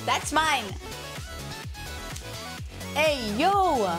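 A woman with a hoarse voice gushing excitedly as she reacts to a game trailer, with lots of exclamations and repeated outbursts. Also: high voice, slow pace, pauses often, music in the background. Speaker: gaming reaction vlogger.

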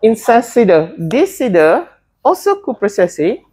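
A woman's voice: on the high side, sing-song, a little slow, dark tone, breathy edge. A woman teaching a botany class, often hesitating and putting questions to her students. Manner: hesitant, many fillers and restarts, asks students questions.

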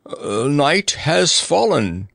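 A man voicing a hungry, gruff male lion with a low rumbling growl in an audiobook. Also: very animated, takes it slowly, sharp tone, dry recording, studio quality, heavily acted. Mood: drowsy. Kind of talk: audiobook character voice.

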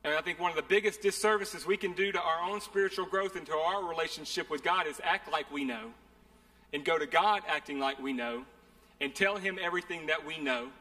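A man's voice: a little high, a little fast, sharp tone. A man preaching a sermon, earnest and conversational, often repeating phrases. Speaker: pastor. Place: church sanctuary. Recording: long hall reverb.

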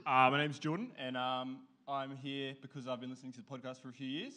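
An Australian man, an audience member brought onstage at a live podcast, chatting in a relaxed, joking way. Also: mid-range voice, fast talker.

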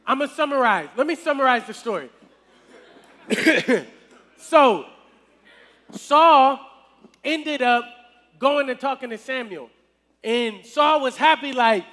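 A man's voice: very high voice, lively intonation, takes it slowly, long pauses, sharp tone. A man leading a casual youth sermon in a church service, talking conversationally and checking in with the crowd often. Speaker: youth minister. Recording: long reverb in a hall.

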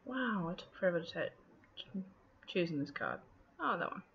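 A woman's voice: lowish voice, normal speed, gravelly. Casual woman chatting through her scrapbook layout, lots of ums, kinda dull lo-fi sound with a little hiss. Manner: chatty, relaxed, many ums and trailing thoughts. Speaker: scrapbooking video host. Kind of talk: casual craft process narration. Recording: dull lo-fi with faint noise.

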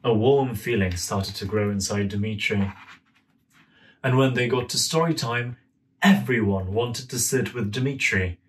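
A young man in a gentle, friendly manner, reading a children's story aloud at home. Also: on the low side, unhurried. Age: young adult. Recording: voice a bit far from mic.

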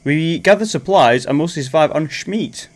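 A man reading game dialogue aloud as a calm, menacing male cannibal survivor, in a low and measured delivery. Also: natural voice. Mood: cool menace.

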